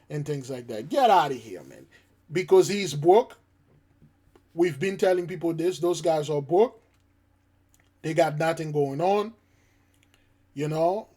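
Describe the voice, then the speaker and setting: Emphatic rambling man, raised pitch. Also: measured pace, a little mellow. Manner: rambling, emphatic, repeats himself. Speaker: channel host. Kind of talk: casual spiritual commentary.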